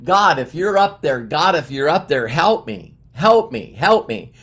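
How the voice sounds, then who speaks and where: A man voicing, inside a spoken story, a desperate man who is hanging from a cliff branch and yelling for help. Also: medium pitch, fairly even intonation, measured pace, close to an everyday voice. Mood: pleading. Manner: pleading, yelling.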